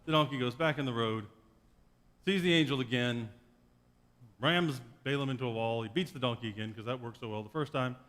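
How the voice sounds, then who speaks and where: A man's voice: mid-range voice, brisk, fairly bright tone, in a large hall. A man preaching a sermon as pastor, retelling a story in a wry, joking way. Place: church sanctuary.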